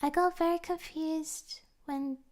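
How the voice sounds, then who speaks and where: A young woman streamer chatting casually with her live chat, gushing and giggly, sometimes dropping to soft whispers. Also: very high-pitched, fairly even intonation, takes it slowly.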